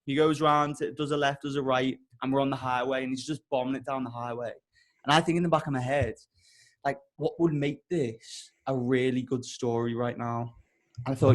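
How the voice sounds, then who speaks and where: A young man hosting a podcast and telling a rambling story in an animated, casual way, swearing often. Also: medium pitch, normal speed. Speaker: podcast host.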